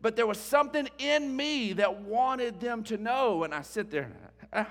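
A middle-aged pastor preaching a sermon, emotional and animated, moving between soft and loud. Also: male voice, very high-pitched, moderate pace, long reverb tail. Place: church sanctuary.

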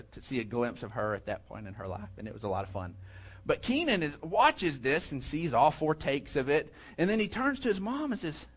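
A man's voice: extremely high pitch, fairly bright tone. A middle-aged man, preaching a conversational sermon and telling stories. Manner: conversational preaching with storytelling asides. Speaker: pastor.

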